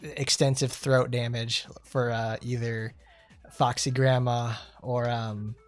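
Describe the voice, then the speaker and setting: A man's voice: mid-range voice, flat delivery, slow pace, faint music behind. Rambling male game streamer. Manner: rambling, chatty, laughs often. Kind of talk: casual gameplay commentary.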